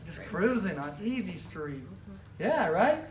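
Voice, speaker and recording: A woman giving an animated, casual storytelling talk with lots of fillers, speaking as a presenter at a business training. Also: on the low side, slow pace, music in the background. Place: event room with a live audience. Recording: roomy, distant mic, faint background noise.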